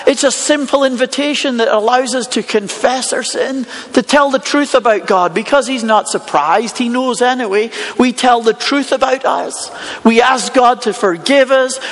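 A man's voice: very high voice, fairly bright tone. A man preaching a sermon, telling a Bible story with rhetorical questions. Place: church hall with congregation and online viewers. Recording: long hall reverb.

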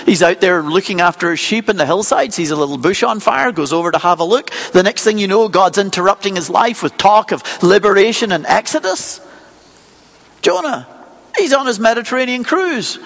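A man preaching a sermon as a pastor, telling stories in a lively, conversational way and acting out small scenes. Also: high-pitched, big-room sound. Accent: non-local accent.

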